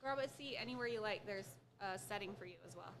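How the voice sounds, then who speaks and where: A woman's voice: medium pitch, fast, crowd noise. A woman producing a live radio show, chiming in with brief dry asides. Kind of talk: casual radio chat.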